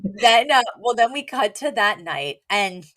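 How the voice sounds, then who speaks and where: A woman's voice: mid-range voice, expressive, unhurried, fairly bright tone. A woman co-hosting a podcast, recapping an episode in casual chat, animatedly quoting characters and laughing often. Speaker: podcast co-host.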